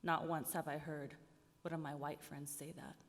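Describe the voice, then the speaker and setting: Captured with long hall reverb, a woman poet performs her work for a live audience in a rhythmic, sardonic manner that grows more intense. She has a low, creaky voice, speaking at normal speed with a flat delivery.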